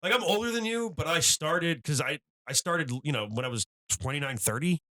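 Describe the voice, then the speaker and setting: A man's voice: fairly high pitch, fairly quick. A man in his thirties hosting a podcast, chatting casually and rambling with lots of fillers. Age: 30s. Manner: animated, rambling with many fillers. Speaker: podcast host, stand-up comedian. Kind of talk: casual chat.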